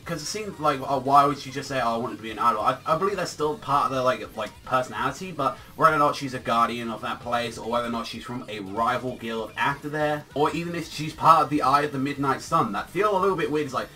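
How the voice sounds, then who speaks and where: A man's voice: mid-range voice, fast, hardly any pauses, bright, forceful tone, distant mic. A man giving a casual, rambling manga chapter review, full of filler words and swearing.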